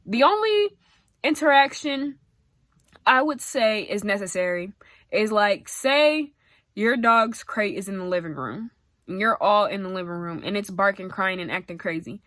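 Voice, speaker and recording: A woman's voice: mid-range voice, normal speed, no room sound, studio quality. A young woman vlogger giving dog-training tips in a casual, emphatic, slangy way. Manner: emphatic, animated, slangy and direct. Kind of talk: casual chatty advice.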